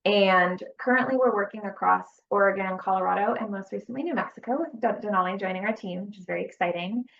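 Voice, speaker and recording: A woman's voice: medium pitch, fast talker, creaky, hardly any pauses, a bit bright. A woman, a nonprofit director, presenting on a video call in a plain, organized way. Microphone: computer mic on a video call. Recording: dull, lo-fi call audio.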